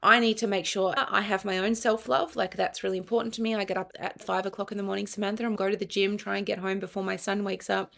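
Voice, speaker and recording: A woman's voice: medium pitch, level tone, quick pace, gravelly, few pauses, fairly bright tone. A middle-aged woman with an Australian accent, a family counselor explaining parenting earnestly in an interview. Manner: earnest, explanatory, with quoted dialogue. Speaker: guest, family and child counselor. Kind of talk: conversational interview.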